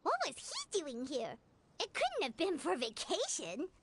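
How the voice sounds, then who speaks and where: A woman's voice: high voice, huge pitch swings, measured pace, heavy background noise, full character voice. A woman voicing a tiny floating girl companion in a game, childlike and blunt, speaking of herself by name. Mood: curious. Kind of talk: game voice acting.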